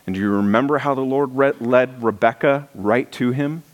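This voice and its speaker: A man's voice: mid-range voice, moderate pace, muffled recording. A male pastor preaching a sermon, telling the story with animation and reading scripture aloud.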